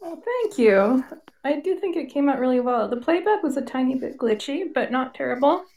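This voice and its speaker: A woman with a high voice speaking softly and modestly in casual chat. Her first language is Finnish, and she answers plainly and briefly. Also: expressive, normal speed.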